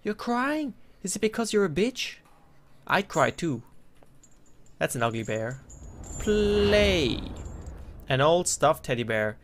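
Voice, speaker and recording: A man commentating his play of a horror game, joking and cursing, and breaking into loud frightened yelps when scared. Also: fairly high pitch, sing-song, takes it slowly, pauses often, a little hiss or hum. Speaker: gameplay commentator.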